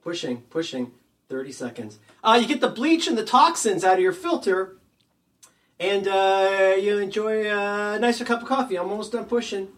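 A man in casual chat, rambling and joking as he narrates what he is doing, talking loud from across the room. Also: high voice, normal speed. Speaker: podcast co-host. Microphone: headphones, talking loud from across the desk.

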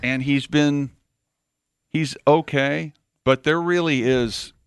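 A man hosting a podcast, chatting casually and giving measured opinions. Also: a little high, fairly even intonation, clear, resonant tone, no room sound, clean studio sound. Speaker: podcast host. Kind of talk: casual chat.

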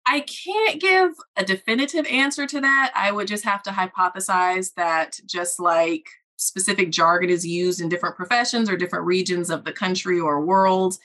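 A woman speech-language pathologist answering questions in a podcast interview, explaining in a measured, deliberate way. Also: medium pitch, pushed and bright.

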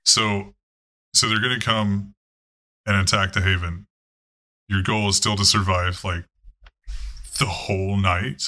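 A man acts as game master for a tabletop game, talking in a loose, casual way. His voice sits on the low side but sounds bright and forceful. He often stops and restarts his sentences. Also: steady tone. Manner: casual, swearing, halting.

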